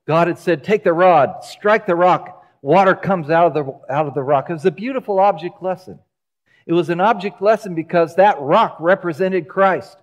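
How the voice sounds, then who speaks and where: A man preaching a sermon in a church, telling the story with lively acted-out voices. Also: high voice, moderate pace, dull audio. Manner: animated storytelling, acting out quoted voices. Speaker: pastor. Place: church sanctuary.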